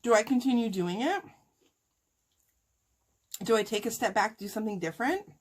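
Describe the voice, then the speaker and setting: A woman's voice: fairly high pitch, animated, normal speed. A woman talking casually and heartfelt to her viewers while eating, emotional and sighing at times. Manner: talks with food in her mouth. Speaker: mukbang vlogger.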